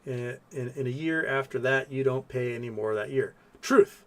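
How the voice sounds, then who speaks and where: A man's voice: mid-range voice, normal speed. A man, hosting a casual livestream, rambling through viewer questions with many fillers. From Texas. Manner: rambling, thinks aloud with fillers, coos softly to his cat. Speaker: livestream host reading super chats.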